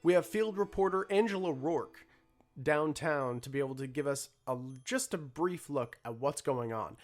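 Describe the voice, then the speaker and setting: A man's voice: a little high, lively intonation, moderate pace, faint music behind, close to an everyday voice. A man voicing a male television news anchor reading breaking news in a formal broadcast manner.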